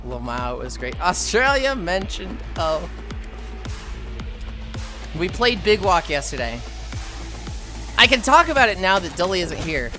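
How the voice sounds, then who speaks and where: A woman's voice: lowish voice, big pitch swings, unhurried, pauses often. A woman streamer chatting casually and telling stories, swearing freely and acting out quotes. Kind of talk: casual live-stream chat and storytelling. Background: game trailer music.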